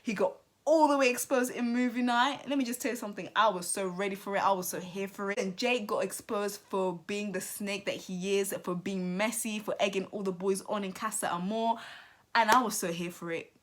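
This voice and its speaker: A woman vlogger talks through a reality TV episode with sassy, emphatic energy. She speaks at an everyday middle pitch, punching up her asides to her viewers. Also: fairly even intonation, fairly quick. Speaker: TV commentary vlogger. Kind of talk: reality TV commentary.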